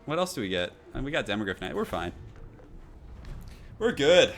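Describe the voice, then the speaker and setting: A young man casually chatting through a live gaming stream, reading out viewer messages in a relaxed, rambling way at a desk microphone. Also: mid-range voice, normal speed, faint music behind. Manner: relaxed, chatty, reads chat aloud.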